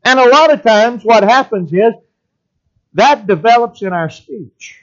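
A man's voice: very high voice, expressive, unhurried, muffled recording. A man preaching a sermon and reading scripture aloud in an old-fashioned cadence.

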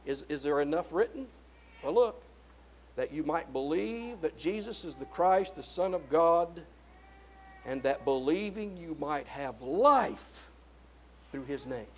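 Male preacher, high voice, swells to loud emphatic peaks and drops low, stretches key words. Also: lively intonation. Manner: drawn-out stresses on single words. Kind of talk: sermon.

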